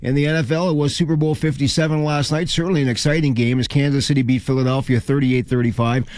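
A man's voice: medium pitch, steady tone, quick pace, a little mellow, no echo. A man delivering a sports segment on radio, easygoing and chatty. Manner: easygoing, laughs, stumbles on words. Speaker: sports reporter.

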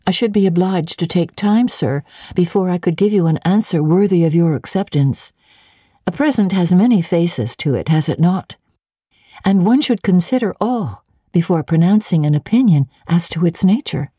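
A reserved young governess answers in a measured, polite way, spoken by a woman reading the book. The voice is low, husky and dark. It is a storybook reading. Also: animated, no room sound, studio quality. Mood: composed.

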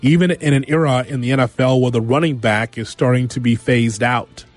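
A man hosting a sports talk radio show, giving an animated monologue full of rhetorical questions and repeated phrases. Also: medium pitch, brisk, dry recording, faint music behind. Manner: animated, rhetorical, repeats himself, acts out quotes.

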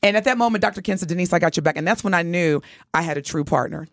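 A woman's voice: lowish voice, racing, no room sound, studio quality. Earnest woman radio co-host. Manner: earnest, heartfelt storytelling. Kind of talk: casual radio talk and storytelling.

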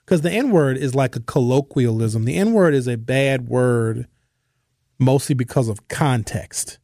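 A man's voice: medium pitch, unhurried, warm tone, dry recording. A man hosting a casual talk radio show from a studio, joking and offhand. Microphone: studio mic.

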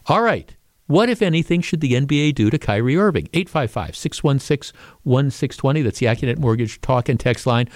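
Talk radio host in a dry studio. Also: male voice, medium pitch, a little fast, no echo. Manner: conversational, with frequent restarts, and animated when quoting. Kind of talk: casual talk radio monologue. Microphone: studio microphone.

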